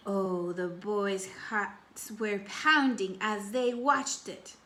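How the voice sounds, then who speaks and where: A woman reading picture books aloud to children, slow and expressive. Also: medium pitch. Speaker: storyteller.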